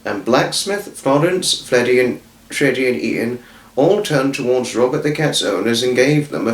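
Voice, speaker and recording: A man's voice: mid-range voice, lively intonation, normal speed. A man reading a children's story aloud, rambling and often correcting himself. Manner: rambling, with frequent self-corrections. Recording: roomy echo.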